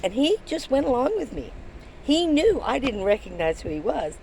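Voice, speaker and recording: A woman's voice: high-pitched, sing-song, normal speed, creaky, a little mellow, rough recording. Chatty older woman with faint noise. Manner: chatty, rambling, many ums and restarts. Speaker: vlogger. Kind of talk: casual storytelling to camera. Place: in a van.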